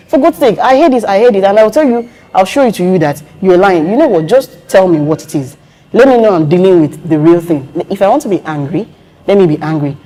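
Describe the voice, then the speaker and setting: A woman telling stories in a casual conversation, acting out the voices she quotes. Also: fairly low pitch. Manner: animated storytelling, acts out quoted voices.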